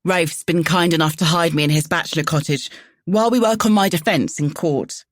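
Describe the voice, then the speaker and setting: A man's voice: on the high side, fairly quick, no echo, studio quality, natural voice. A woman voicing an earnest, apologetic young man with a broad London accent. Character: earnest young male fugitive, apologetic and loyal.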